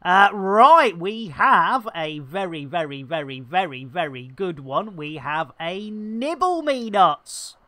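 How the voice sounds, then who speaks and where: A man's voice: high voice, expressive, slow, few pauses, bright, forceful tone, no room sound. A man streaming a game, full of playful innuendo banter and with a slight frog in his throat. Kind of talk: livestream commentary.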